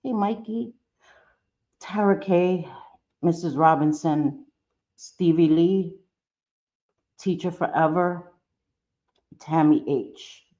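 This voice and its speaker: Low, mellow woman hosting a livestream. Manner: warm greetings, apologetic, halting with fillers. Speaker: live-stream host. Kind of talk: casual live-stream chat. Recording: dull lo-fi stream audio.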